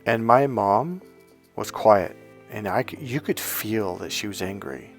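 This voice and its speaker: A man's voice: lowish voice, expressive, a little slow, faint music behind. A middle-aged man giving dating coaching and telling a personal story in an earnest, emphatic way, sometimes acting out what others said. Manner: earnest, emphatic, acts out quotes.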